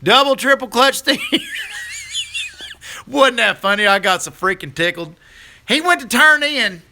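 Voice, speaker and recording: High, very bright folksy man. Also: huge pitch swings, slow pace. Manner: folksy, chatty, laughs easily. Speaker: live stream host. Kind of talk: casual live stream chat with viewers.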